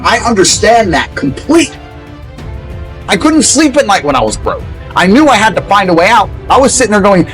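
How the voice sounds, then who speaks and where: A man lectures hard in a motivational rant, blunt and profane, and mocks other people's excuses. His voice sits fairly high and swings widely in pitch. Faint music plays underneath. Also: big pitch swings, brisk, fairly bright tone, low-quality recording. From England. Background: faint background music.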